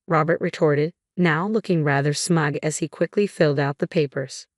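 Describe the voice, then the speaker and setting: Female narrator, deep register, measured scripted storytelling, dry booth. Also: no echo.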